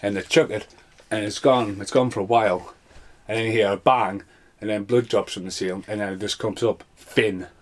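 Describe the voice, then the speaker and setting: Guy ranting about films he watched, low-ish voice, sarcastic, swears a lot. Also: fairly even intonation, normal speed. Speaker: film reviewer. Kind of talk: casual spoken review.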